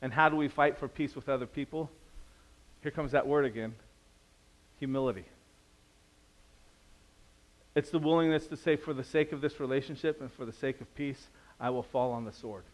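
A pastor preaching a sermon in a conversational, storytelling way, asking the audience questions and swinging between quiet and loud. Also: male voice, medium pitch, brisk.

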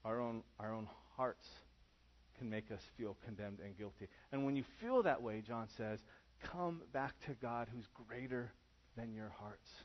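A man's voice: medium pitch, lo-fi sound. A man preaching a sermon to a congregation in a church, casual and conversational in how he talks. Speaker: pastor.

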